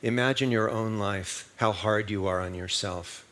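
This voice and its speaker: Low-voiced man preaching conversationally. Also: fairly even intonation, a little slow, fairly bright tone. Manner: conversational storytelling with rhetorical questions to the congregation. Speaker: minister. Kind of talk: sermon. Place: church service.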